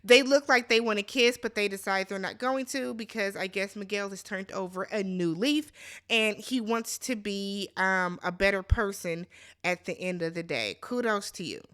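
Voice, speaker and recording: A woman's voice: mid-range voice, normal speed, a bit bright. A woman hosting a casual reality TV recap, sassy and chatty, talking straight to her viewers. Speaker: recap host.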